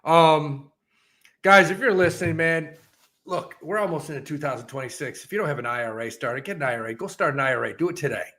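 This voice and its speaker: A blunt male podcast co-host who riffs and pushes his views in loose banter. His voice is bright and forceful and sits a little high for a man. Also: fast. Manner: blunt, pushy, riffing. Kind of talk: casual comedic banter.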